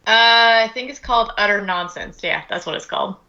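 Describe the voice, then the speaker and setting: A woman's voice: fairly high pitch, a little fast, sharp tone, highs cut off. A woman co-hosting a casual podcast, rambling and self-deprecating with frequent giggles. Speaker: podcast co-host.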